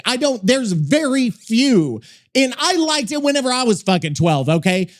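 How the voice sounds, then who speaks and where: A man co-hosting a podcast, chatting casually and reacting bluntly with constant swearing. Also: high-pitched. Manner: profane, blunt and excitable, with frequent swearing. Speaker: podcast co-host. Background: faint song playing under his talk.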